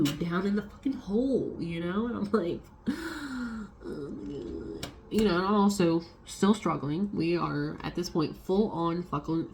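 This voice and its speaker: A woman's voice: deep voice, gravelly, slight background noise. A young adult woman vlogging a casual storytime, swearing freely and acting out what others said. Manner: swearing, animated retelling with quoted voices.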